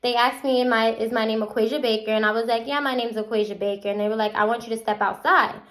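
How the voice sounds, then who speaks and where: A young adult woman telling a casual storytime vlog, animated and chatty, acting out the people she quotes. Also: a little high, fast talker. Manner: animated, acts out quotes with a chatty run-on delivery. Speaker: vlogger.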